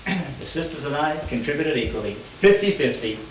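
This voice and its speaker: An actor playing Harry, a gruff but generous older brother who blusters, in an amateur stage play. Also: male voice, a little high, lively intonation, moderate pace, roomy sound, close to an everyday voice. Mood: blustering. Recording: distant stage sound with faint hiss.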